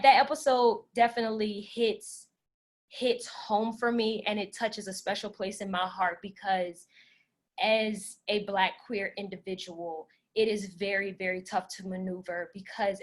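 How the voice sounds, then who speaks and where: A woman podcast host answering audience questions in a relaxed, talkative way, speaking with passion and filling pauses with "like" and "um". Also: mid-range voice. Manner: passionate, talkative, many "like" and "um" fillers. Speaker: podcast host leading a workshop Q&A. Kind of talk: casual conversational Q&A.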